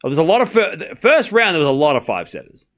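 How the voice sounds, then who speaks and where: A man's voice: a little high, big pitch swings, fast, fairly bright tone. A man hosting a live tennis watchalong, chatting casually with viewers and calling out scores in a jokey, rambling way. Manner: chatty, jokey, calls scores while reading chat. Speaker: watchalong host.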